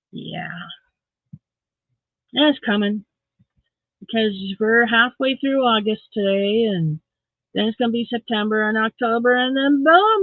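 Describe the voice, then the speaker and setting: Yawning and weary, a woman chats with her livestream viewers in a meandering, self-mocking way. Her mid-range voice comes through a dry, tinny, phone-like recording.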